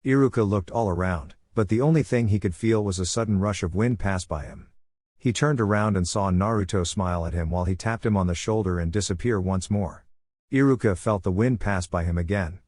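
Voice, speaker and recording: A man reading a fan fiction story aloud in an even, steady way. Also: on the low side, no room sound, clean studio sound. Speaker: story narrator. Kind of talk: scripted narration of fan fiction.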